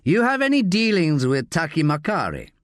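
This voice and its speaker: A man's voice: fairly high pitch, huge pitch swings, moderate pace, no echo, clean studio sound, pitched above the performer's own voice. A man voicing a terse police inspector in an audiobook, asking pointed questions in a level voice. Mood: probing.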